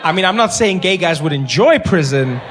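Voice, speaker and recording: South African comedian on a theater stage. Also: male voice, high-pitched, normal speed, background noise. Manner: animated storytelling, acts out characters. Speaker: stand-up comedian. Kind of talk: stand-up comedy routine. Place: theater stage before a live audience.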